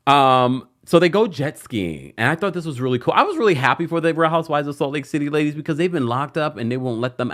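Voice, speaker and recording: Animated man giving a chatty recap. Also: mid-range voice. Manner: chatty and gossipy, with playful asides; acts out the cast's lines in put-on voices. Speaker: reality TV recap host. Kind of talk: casual recap commentary.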